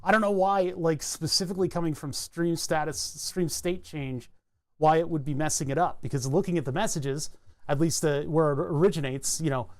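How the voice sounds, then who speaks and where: A man streaming live, thinking aloud in a halting, self-interrupting way as he works through a technical problem. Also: on the high side, a little mellow. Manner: muttering, halting, self-interrupting while debugging.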